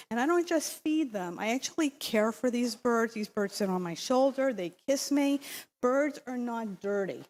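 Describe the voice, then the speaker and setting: A woman's voice: on the high side, darkish tone. A woman giving a rambling, insistent public comment at a city council meeting, speaking into a podium microphone. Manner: insistent, rambling, with many fillers and restarts.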